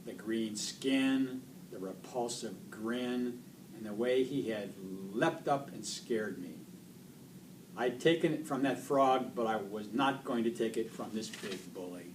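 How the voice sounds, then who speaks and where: A man reads a children's book aloud with expressive storytelling, his voice in a middle register. He sits somewhat back from the microphone. A faint hiss runs underneath. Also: medium pitch, takes it slowly. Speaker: reader. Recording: distant mic, faint noise.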